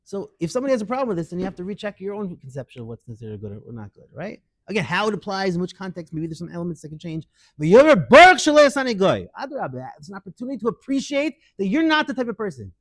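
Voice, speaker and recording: A middle-aged man teaching a lively Torah class, acting out quoted voices and mixing Hebrew into English. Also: high-pitched, rapid-fire, no room sound.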